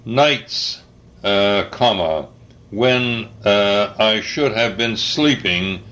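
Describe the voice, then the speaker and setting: An older man dictating an article slowly, saying the punctuation aloud, spelling out words, pausing often with uhs. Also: on the low side, lively intonation, a bit bright, highs cut off. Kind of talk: slow dictation with spoken punctuation.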